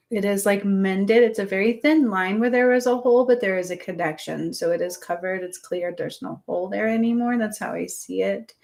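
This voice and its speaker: A woman doing an animal healing session on a live stream, talking in a soft, meandering way full of fillers and restarts, often describing symptoms as if she feels them herself. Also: mid-range voice, vocal fry. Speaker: animal energy healer.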